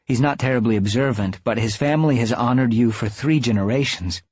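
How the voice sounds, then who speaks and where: A man's voice: a little high, lively intonation, normal speed, darkish tone, slightly rough, dry recording, pitched above the performer's own voice. Devout, eager woman follower in a storybook reading, raised and pleading, as a male narrator puts her on. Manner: earnest, deferential pleading.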